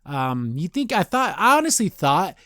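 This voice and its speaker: Rambling podcast host, higher male voice. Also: very animated, bright, forceful tone, no room sound, clean studio sound. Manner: rambling, loose retelling with frequent restarts and fillers; slips into quick paraphrased character voices. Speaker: podcast host reviewing a cartoon episode. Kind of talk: casual episode recap.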